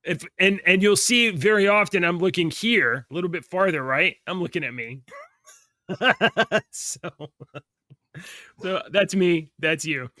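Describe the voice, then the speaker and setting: A man's voice: high-pitched, animated, measured pace, sharp tone, no room sound, studio quality. A man in his forties co-hosting a podcast, rambling and correcting himself as he talks, often laughing. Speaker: podcast co-host. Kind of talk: casual chat.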